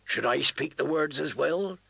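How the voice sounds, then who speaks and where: A man voicing the inner thoughts of a weary, doubting male knight in a quiet, musing tone. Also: on the high side, measured pace, creaky, husky, dry recording, heavily acted. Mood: doubtful musing.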